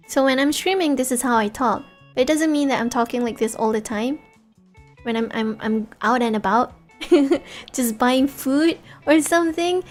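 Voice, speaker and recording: A young woman from Singapore streams as a VTuber, chatting casually with a light Singaporean English accent. Her voice sits high and a little mellow, and she's giggly, full of fillers and restarts.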